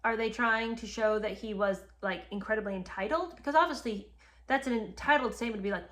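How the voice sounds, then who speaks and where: A woman's voice: on the high side, fairly quick, a bit bright. A woman hosting a history podcast, retelling events and reacting with indignation while talking straight to her listeners. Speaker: podcast host. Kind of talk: animated history commentary.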